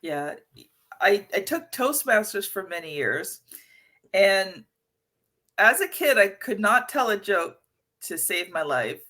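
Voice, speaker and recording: A woman's voice: mid-range voice, sing-song, takes it slowly, long pauses, bright, forceful tone. A middle-aged woman hosting a podcast interview, chatty and anecdotal with many fillers. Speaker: podcast host. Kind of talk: conversational interview.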